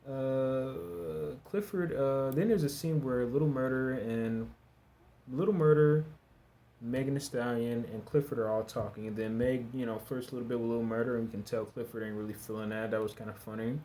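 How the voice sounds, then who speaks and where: A man's voice: medium pitch, fairly even intonation, normal speed, mellow. A man giving a casual, chatty recap of a TV episode, talking loosely with fillers, restarts and bits of slang. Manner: candid, with some slang. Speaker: TV episode reviewer.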